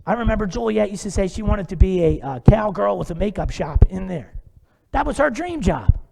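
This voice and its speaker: A man preaching in a church with a high, gravelly voice. He talks in a loose, conversational way and asks the congregation rhetorical questions. His voice rings with long reverb in the sanctuary. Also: lively intonation, a little fast, dark tone. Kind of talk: sermon.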